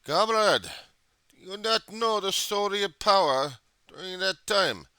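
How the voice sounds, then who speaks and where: A man voicing a stern mock Soviet comrade in a fake Russian accent, slow and theatrical. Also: sits high, lively intonation, sharp tone, clean tone, no echo, voice pushed up, heavily acted.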